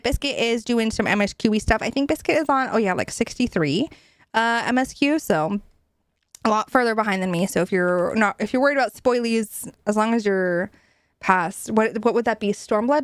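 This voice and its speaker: A young woman streaming from home, chatting casually with her chat, giggly, swearing often and animated. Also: medium pitch, no echo. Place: home room.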